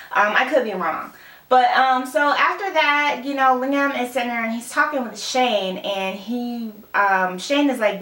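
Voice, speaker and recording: A woman's voice: medium pitch, pushed and bright. Young woman vlogger, chatty recap, lots of likes and ums, echoey room, mic far away. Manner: rambling, full of "like" and "um", mixes up names. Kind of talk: casual chat.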